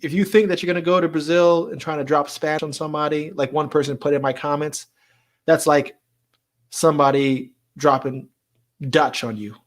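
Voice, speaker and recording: A man's voice: on the high side, fairly even intonation, moderate pace. A man hosting a live stream in a casual, chatty way, laughing often and repeating words as he talks.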